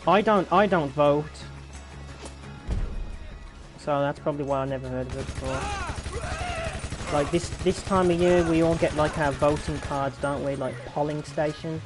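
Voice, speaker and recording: A man's voice: a little high, moderate pace, pauses often. A young British man chatting casually while playing, rambling and answering his chat. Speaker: gaming YouTuber. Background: game music and gunfire.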